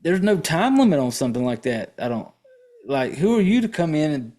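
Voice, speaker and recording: A man with a somewhat high voice recaps a horror movie for his podcast listeners. He talks casually and bluntly, swears freely, and rambles with fillers and restarts. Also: sing-song, fairly quick, warm tone.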